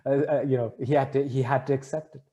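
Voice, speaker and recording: A man's voice: mid-range voice, steady tone, quick pace, mellow, muffled recording. A man answering a question with an earnest, rambling story that corrects itself as he goes. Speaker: spiritual speaker answering a question.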